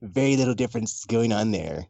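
A man in casual gaming chat who talks in an animated, sarcastic way and acts out quotes. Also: on the low side, brisk, creaky, no echo, lo-fi sound.

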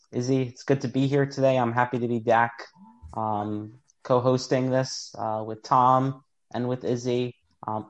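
A man's voice: medium pitch, lo-fi sound. A young man co-hosting a podcast, polite and upbeat with many fillers. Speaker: podcast co-host. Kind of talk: casual podcast interview.

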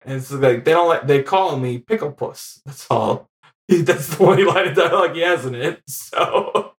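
A man co-hosting a casual film podcast, who laughs often and talks in an animated, chatty way. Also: a little high, normal speed. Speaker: podcast co-host.

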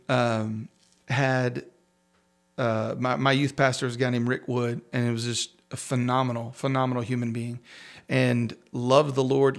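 In a relaxed interview, a male pastor recounts something from his own life in a mid-range voice, his speech coming in fits and starts with many restarts and self-deprecating laughs.

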